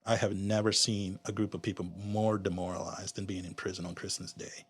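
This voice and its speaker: A man's voice: deep voice, little pitch movement, fairly quick, breathy edge. A man from Honduras, a guest on a podcast, candidly and reflectively recounting his own story, often restarting his sentences. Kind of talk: personal storytelling in an interview.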